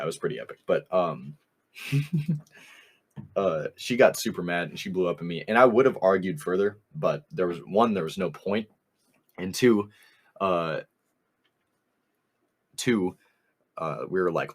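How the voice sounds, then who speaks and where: Young man, very low pitch, husky voice, casual podcast storytelling, rambling, laughing. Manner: rambling anecdote, quoting others with "I was like", frequent laughs. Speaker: podcast co-host.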